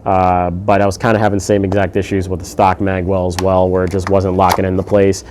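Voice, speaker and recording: A man giving a casual, laid-back firearms review, swearing freely and filling pauses with lots of ums and uhs. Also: low-pitched, monotone, darkish tone, a little hiss or hum.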